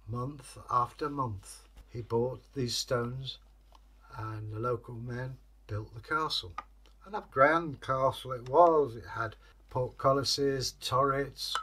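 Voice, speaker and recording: A man hosting a storytelling channel, telling a folktale and then chatting to viewers in a rambling, friendly way with pauses. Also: medium pitch, a bit bright, slightly rough. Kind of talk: folktale storytelling, casual sign-off.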